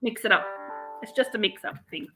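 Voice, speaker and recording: A woman's voice: mid-range voice, a little fast, bright, forceful tone, soft background music, rough recording. A woman, chatting casually as co-host and laughing easily. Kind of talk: casual chat.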